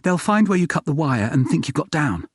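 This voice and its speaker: A jumpy, hurried man in a hiding place rattles off his plans fast, his voice pitched up high and tight with nerves, voiced by a male reader. He leaves no room for anyone else to speak. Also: sing-song, slightly rough, dry recording, studio quality, exaggerated voice. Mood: urgent. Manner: rapid, nervous talk.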